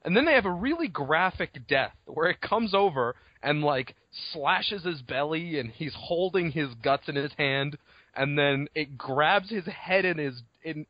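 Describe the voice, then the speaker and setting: Animated, swearing man on a lo-fi podcast. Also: a little high, dry recording. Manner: animated, swears freely, acts out scenes. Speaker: podcast co-host. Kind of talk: casual book discussion. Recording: dull lo-fi podcast audio.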